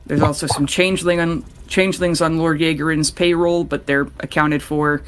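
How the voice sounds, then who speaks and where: A young man is running a tabletop game as game master, narrating casually, swearing freely, and voicing characters in passing. His voice sits on the high side with fairly even intonation, a normal speed, and a fairly bright, clean tone.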